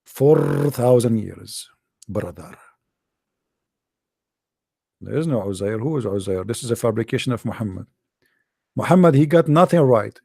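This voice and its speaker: A man's voice: mid-range voice, lively intonation, measured pace, gravelly, pauses often, darkish tone, breathy edge, no echo, studio quality. A man giving a scornful, emphatic commentary monologue in non-native English phrasing, repeating phrases and laughing often. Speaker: online religious debater.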